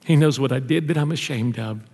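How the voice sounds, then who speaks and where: A male pastor preaching a sermon in a church, telling stories and dropping low and soft on tender lines. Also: brisk, breathy edge. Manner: storytelling, drops low and soft on intimate lines. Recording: long reverb of a church hall.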